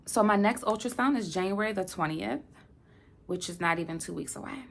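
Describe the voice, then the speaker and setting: A young adult woman speaks straight to her viewers in a heartfelt vlog update, with a noticeable gravelly fry under her middle-pitched voice. Her delivery is emotional and uneven, sinking into quiet near-whispers and then pushing out loud, emphatic phrases. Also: brisk, a little hiss or hum. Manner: emotional, swings between soft near-whispers and emphatic bursts. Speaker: vlogger. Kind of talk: personal update talking to camera.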